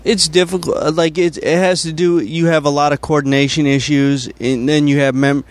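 A man, a comedian guest, talking casually and haltingly, full of fillers and restarts. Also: on the high side, flat delivery. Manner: hesitant, many fillers and restarts. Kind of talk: casual conversation.

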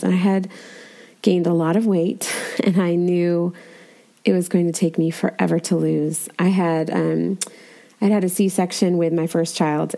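A woman's voice: lowish voice, vocal fry, warm tone. A woman in her thirties candidly sharing a personal faith story, reflective and laughing lightly at herself. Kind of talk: personal devotional testimony.

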